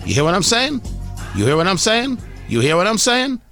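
A man's voice: sits high, huge pitch swings, fairly quick, pushed and bright, soft background music, full character voice. A radio host voicing a threatening tough-guy man who talks in a mock-friendly way and repeats his demands. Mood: menacing.

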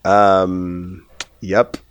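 A man's voice: deep voice, flat delivery, very slow, clear, resonant tone, dry recording, highs cut off. Laid-back male podcaster, dry studio sound. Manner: laughs often, rambling. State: slightly strained voice. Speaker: podcast co-host. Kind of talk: casual chat.

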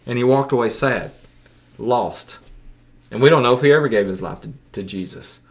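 A man's voice: medium pitch, expressive, moderate pace, gravelly. A man hosting a casual sermon podcast for young listeners, folksy and prone to repeating words as he restarts. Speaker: youth pastor podcast host.

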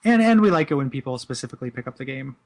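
A man's voice: mid-range voice, expressive, racing, a little mellow. A man co-hosting a casual podcast, enthusiastic and stumbling over repeated words. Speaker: podcast co-host.

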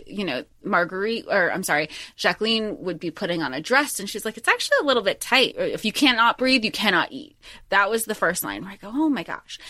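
A woman co-hosts a chatty film podcast and talks with lively energy, slipping into voices for the characters. Her voice is bright and forceful. The sound is dry and close. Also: medium pitch, dry recording. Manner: animated, acts out lines in voices, swears. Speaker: podcast co-host. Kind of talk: casual chat about a film.

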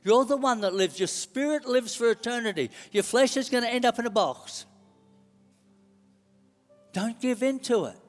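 A man's voice: very high voice, normal speed, long pauses, big-room sound, faint music behind. A man preaching a sermon, telling it like a story and repeating key lines. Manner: animated storytelling, repeats phrases.

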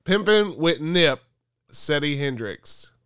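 A man's voice: fairly high pitch, animated, takes it slowly, a bit bright. A man co-hosting a podcast in casual chat, laid back, swearing freely and laughing often. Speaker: podcast co-host.

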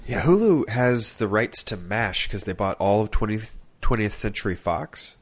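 A man with a fairly low voice, co-hosting a podcast in loose, casual chat. He is laid-back, laughs easily and thinks out loud as he goes. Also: expressive, normal speed. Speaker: podcast co-host.

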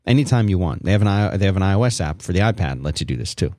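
Chill podcast dude, lowish voice, lively, close dry mic. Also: male voice, very fast, dry recording. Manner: laid-back, joking. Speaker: podcast co-host. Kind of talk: casual chat and ad read.

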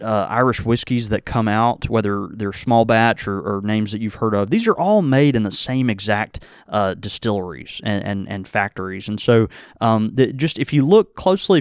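A man's voice: mid-range voice, darkish tone, clear, resonant tone, no room sound, clean studio sound. A man hosting a casual whiskey tasting chat, rambling with many fillers and restarts. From American South. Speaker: podcast host.

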